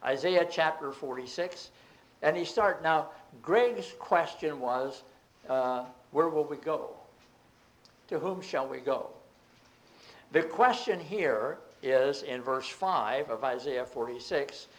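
Emphatic male preacher, fairly high voice. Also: slow. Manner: reads scripture aloud, then explains it with emphatic rising outbursts. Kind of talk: sermon, Bible teaching.

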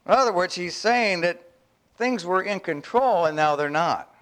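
A man's voice: expressive, moderate pace, a bit bright. A man preaching an earnest, emphatic sermon and reading a text aloud to his congregation. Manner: earnest, emphatic, rises in pitch when reading. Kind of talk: sermon with read-aloud passage.

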